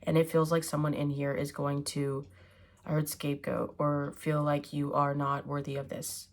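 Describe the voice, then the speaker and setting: A woman's voice: deep voice, monotone, normal speed. A woman giving a casual tarot reading, musing aloud with hums and fillers as she turns each card. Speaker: tarot reader.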